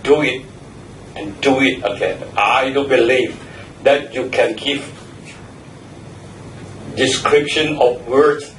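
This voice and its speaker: A man's voice: mid-range voice, fairly even intonation, takes it slowly, pauses often, slight background noise. A man giving feedback at a speaking club meeting. He repeats words and spells some out letter by letter. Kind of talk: meeting evaluation speech. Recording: echoey room, mic far off.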